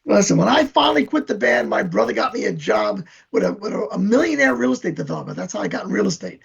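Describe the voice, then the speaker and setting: An older New York man, a band member appearing as an interview guest, chats casually and tells long, boastful, rambling stories. His high voice swings widely in pitch and moves fast, with a creaky, breathy edge, on a dull lo-fi recording.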